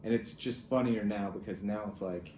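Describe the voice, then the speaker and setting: A young man telling a personal family story in a halting, reflective way, with soft laughs. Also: on the low side, steady tone, a little hiss or hum. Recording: echoey room with faint ambience.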